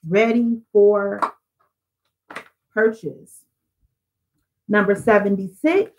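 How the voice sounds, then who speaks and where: A woman's voice: mid-range voice, fairly even intonation, very slow, dull audio, a little hiss or hum. A woman selling jewelry on a live stream, chatty and upbeat, talking straight to her viewers. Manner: chatty, upbeat, addresses viewers directly as "y'all". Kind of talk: live-stream sales pitch.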